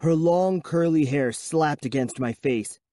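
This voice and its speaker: A man narrating a children's horror audiobook in first person with a measured, suspenseful reading. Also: on the high side, mellow, no room sound, studio quality.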